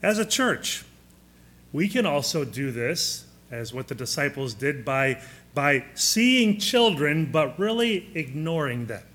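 Middle-aged male pastor, sermon delivery, a touch higher-pitched, questions the congregation, drags key words for weight. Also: sing-song, a bit bright. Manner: asks the congregation questions, slows for emphasis.

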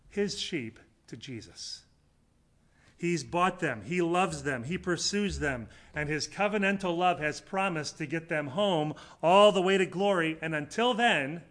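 Earnest preacher man, higher-pitched. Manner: swings between loud emphatic lines and quiet, low asides; earnest, conversational preaching with occasional fillers. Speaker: pastor. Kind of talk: sermon.

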